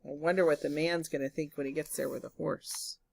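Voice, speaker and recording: A woman's voice: low voice, fairly even intonation, brisk, gravelly. Woman reading a picture book aloud to children. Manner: asks the listening children questions. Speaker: storybook reader. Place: home, during lockdown.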